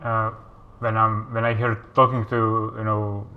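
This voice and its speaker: Hesitant interviewer with a muffled sound. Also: male voice, fairly low pitch, flat delivery, unhurried. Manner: hesitant, restarts and fills with "you know". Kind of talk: interview question.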